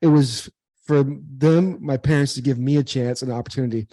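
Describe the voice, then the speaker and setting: A man's voice: mid-range voice, fairly quick, warm tone, no echo. A man in his forties, a former pro athlete, earnestly telling a personal story in an interview, repeating words as he goes. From United States. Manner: earnest, repeats words, acts out quoted dialogue. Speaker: guest, former pro baseball player and speaker.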